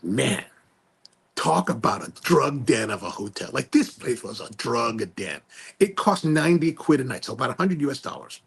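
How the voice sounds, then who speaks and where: A male podcast host telling a story in a casual, animated way, full of slang and restarts. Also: medium pitch, moderate pace, creaky, husky.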